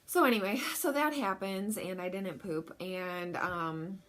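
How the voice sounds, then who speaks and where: A woman's voice: medium pitch, a little slow, a bit bright. A young woman casually telling a personal story in a candid, chatty, self-deprecating way. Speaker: vlogger.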